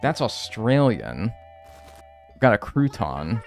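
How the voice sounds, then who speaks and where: A man's voice: lowish voice, takes it slowly, vocal fry, soft background music. A man streaming a game live, talking casually and bouncing between chat replies, with a rambling, profane style full of "like". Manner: animated, rambling, swears, heavy use of "like". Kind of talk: casual livestream gameplay commentary.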